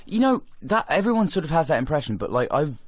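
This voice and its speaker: A man's voice: on the high side, no echo. A young English man, an actor, talking casually on a podcast, full of fillers and restarts. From England. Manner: animated, quick with many fillers and restarts. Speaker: actor guest.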